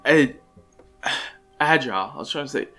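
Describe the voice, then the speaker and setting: A man's voice: medium pitch, lively intonation, unhurried, sharp tone. A young man casually narrating a fan story, rambling with lots of fillers and restarts. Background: faint lofi music.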